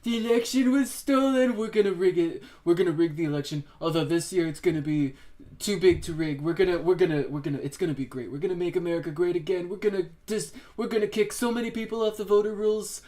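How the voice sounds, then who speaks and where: Impression of a blustering braggart politician, higher and louder than her own voice , as a woman puts him on. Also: fast talker, natural voice. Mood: mocking boastful. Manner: loud, repetitive, bragging. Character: boastful blustering male politician.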